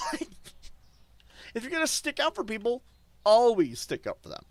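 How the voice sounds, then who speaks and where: A male streamer ranting defiantly to his chat, swinging between loud outbursts and low muttering. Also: wildly swooping pitch, fairly quick, no echo. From German. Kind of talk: casual stream rant.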